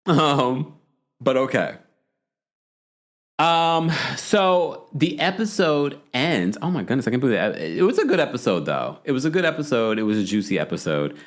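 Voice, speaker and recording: A man hosting a reality TV recap podcast, telling the story in an animated, gossipy way and checking in with "okay?" asides. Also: mid-range voice, moderate pace. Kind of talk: casual chatty recap.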